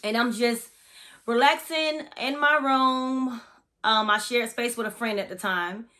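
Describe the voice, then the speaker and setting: A woman's voice: fairly high pitch, measured pace, pushed and bright. A woman from Florida, a massage therapist, telling a spooky personal story in a chatty, profane, dramatic way in a casual vlog.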